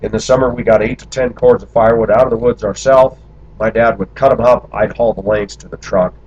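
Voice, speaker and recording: Candidly talking through his personal memories in long run-on stretches, a man from the United States speaks in a lowish, husky, darkish voice. His intonation is fairly even and his pace a little fast, and the recording is dull lo-fi.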